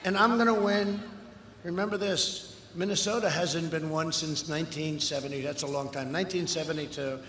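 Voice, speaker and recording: An older man giving a campaign rally speech outdoors, boastful and rambling, with punchy repetitions, heard through a loudspeaker. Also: fairly high pitch, steady tone, normal speed. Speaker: political candidate. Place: outdoor rally before a large crowd. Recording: echoey outdoor PA with crowd noise.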